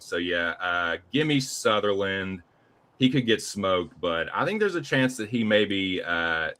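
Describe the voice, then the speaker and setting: A man with a low, bright and forceful voice, talking bets on a sports podcast. He is loose and profane, in casual chat. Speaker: podcast co-host and betting analyst. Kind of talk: casual betting talk.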